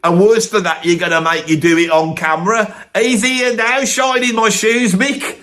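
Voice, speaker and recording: A man's voice: high voice, fairly even intonation, moderate pace, sharp tone, voice pushed up. A man voicing a boastful, brash Birmingham man with a Birmingham accent who tells swaggering, mocking tall tales.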